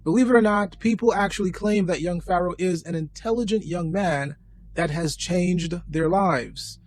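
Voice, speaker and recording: A man's voice: high voice, measured pace, darkish tone, slight background noise. Sarcastic man narrating a commentary. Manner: dry, sarcastic. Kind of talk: scripted commentary voice-over.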